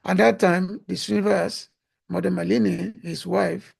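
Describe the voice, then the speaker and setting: A man giving a devotional talk who is losing his voice, speaking haltingly with frequent pauses and restarts. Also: sits high, fairly even intonation, vocal fry, darkish tone, breathy edge. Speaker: religious speaker.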